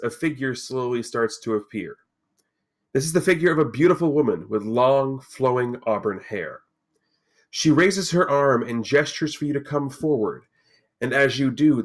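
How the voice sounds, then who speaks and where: A man acts as game master for a tabletop game. He reads scene descriptions aloud in a steady, measured storytelling manner, his pitch right in the middle for a man.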